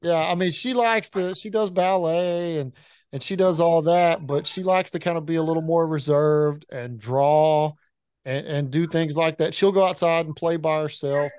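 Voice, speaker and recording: A man in his thirties, a podcast co-host telling rambling, animated stories about his kids in casual chat. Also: fairly high pitch, normal speed, smooth, no echo.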